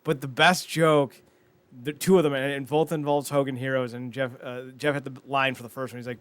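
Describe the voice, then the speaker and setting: A man co-hosting a casual talk show, animated and swearing, acting out scenes as he recaps them. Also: mid-range voice, a little fast, smooth. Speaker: podcast co-host.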